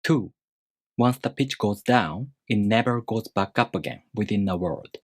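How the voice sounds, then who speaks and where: Man giving a measured, dry-voiced lesson. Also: fairly low pitch, dry recording. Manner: measured, step-by-step explaining. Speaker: language teacher. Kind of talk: scripted explanatory lesson.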